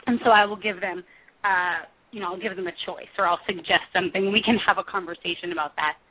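A woman's voice: on the low side, steady tone, fast talker. A woman in her thirties, a music therapist, answering interview questions thoughtfully, with many fillers and self-corrections. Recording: tinny phone line.

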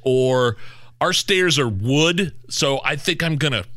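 A man's voice: fairly high pitch, expressive, slow pace, a bit bright, no room sound. A man in his forties, co-hosting a radio show, self-mocking and laughing often. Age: 40s. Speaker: radio co-host. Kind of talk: casual radio banter.

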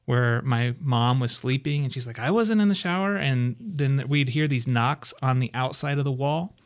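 A man's voice: medium pitch, fairly even intonation, measured pace. A man co-hosting a talk radio show, recounting a personal story in a laid-back way with fillers. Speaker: radio co-host. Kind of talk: casual talk radio chat.

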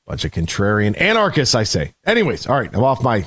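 A man hosting a sports radio show, delivering an emphatic, opinionated monologue that swings between loud punchlines and low grumbles. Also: wildly swooping pitch, brisk, slightly rough, dry recording, studio quality.

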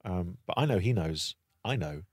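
Low-voiced British man telling an animated story. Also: moderate pace, breathy edge, no echo, clean studio sound. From Britain. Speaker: guest storyteller. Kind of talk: casual anecdote on a podcast.

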